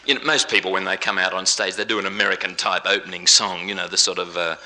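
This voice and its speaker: A man's voice: deep voice, fairly even intonation, quick pace, few pauses, pushed and bright. A man doing rambling, jokey, sing-song stage patter between songs, live on a theatre stage in London. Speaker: entertainer.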